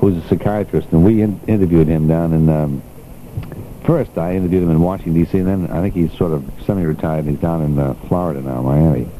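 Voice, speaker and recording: A man's voice: sits low, fairly even intonation, fairly quick, mellow, a little hiss or hum, rough recording. Older man hosting chatty radio talk. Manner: chatty, laughing, reads items aloud. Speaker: radio host. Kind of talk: casual radio chat.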